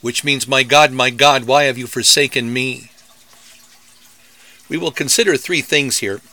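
A man with a bright, forceful voice gives a scripted devotional teaching, working through the pronunciation of old words in a measured, scholarly way. He sounds like a pastor explaining to his readers. The recording is dry and close. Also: mid-range voice, dry recording.

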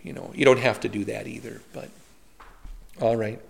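A man's voice: mid-range voice, steady tone, normal speed, creaky. A man, a pastor, leading a Bible study in a conversational way, telling stories with humorous asides and rhetorical questions.

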